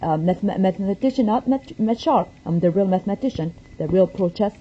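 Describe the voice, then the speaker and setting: A woman's voice: medium pitch, animated, a little fast, lo-fi sound, background noise. A woman talking straight to the camera in a rambling, agitated monologue full of swearing. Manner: profane, rambling, agitated ranting. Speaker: vlogger.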